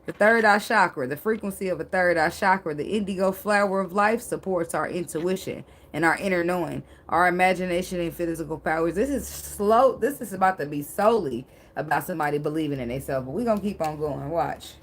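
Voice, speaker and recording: A woman's voice: lowish voice, brisk, hardly any pauses. A woman doing a casual tarot reading, chatty and joking, with casual swearing. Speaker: tarot reader.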